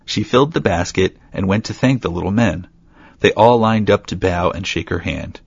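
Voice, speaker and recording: A man reading a fairy tale aloud with steady storytelling and light asides, in a dull, dry lo-fi recording. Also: low-pitched, moderate pace, vocal fry, breathy edge, no echo.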